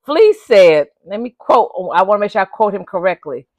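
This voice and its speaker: A woman in her forties chatting casually to her viewers in an animated, talkative way, calling them "baby" and "y'all", her voice getting a little hoarse. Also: medium pitch, normal speed, no room sound. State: voice giving out, slightly hoarse. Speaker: vlogger. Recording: dull lo-fi dry recording.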